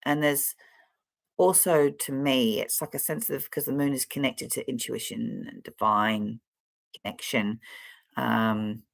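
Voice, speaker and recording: A woman's voice: rumbling low, fairly even intonation, a little slow, creaky, dry recording. A woman giving a casual, chatty tarot card reading straight to the viewer, rambling and speaking to them directly. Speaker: tarot reader.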